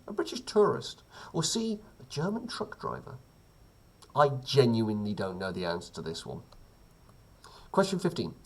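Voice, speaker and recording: Husky-voiced man as a casual quiz host at home, lively pitch, wandering off on tangents. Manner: chatty, self-deprecating, rambling asides. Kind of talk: casual quiz reading with asides.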